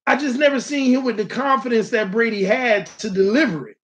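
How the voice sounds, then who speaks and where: A man's voice: very high voice, brisk, fairly bright tone. A man hosting a casual live-stream sports talk show, talking animatedly and straight to his viewers. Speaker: sports channel host.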